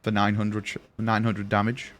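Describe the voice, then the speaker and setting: A man's voice: lowish voice, completely flat delivery, normal speed, fairly bright tone. Chatty young streamer guy. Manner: rambling, swears, chatty storyteller. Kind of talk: casual live-stream chat while gaming.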